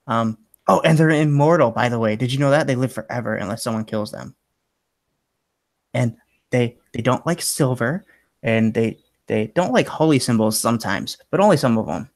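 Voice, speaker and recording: A man's voice: mid-range voice, lightly acted. A man voicing a lonely, pushy old woman who rambles on in a scattered, childlike way.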